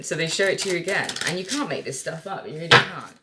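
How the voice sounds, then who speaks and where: A woman's voice: deep voice, lively intonation, quick pace, few pauses, heavy background noise. Chatty, foul-mouthed woman tarot reader. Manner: chatty and irreverent, swears freely. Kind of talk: casual tarot reading.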